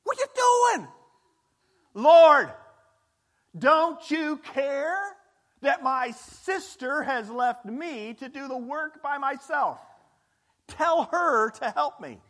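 A man voicing an exasperated woman scolding from the kitchen in a shrill, indignant voice. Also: sing-song, very slow, long pauses, fairly bright tone, heavily acted.

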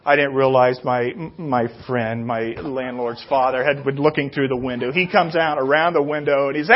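A middle-aged man preaching a sermon, telling rambling, self-deprecating personal stories that grow loud and excited in the retelling. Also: on the high side, normal speed, highs cut off. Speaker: pastor.

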